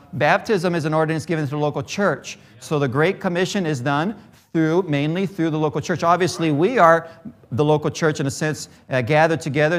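Man preaching a sermon with rising fervor. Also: a little high. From Brazil. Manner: storytelling that builds to emphatic preaching.

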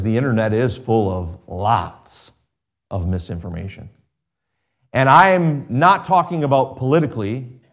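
A middle-aged man with a mid-range voice preaches conversationally. He drops sarcastic asides and lets his voice rise for emphasis.

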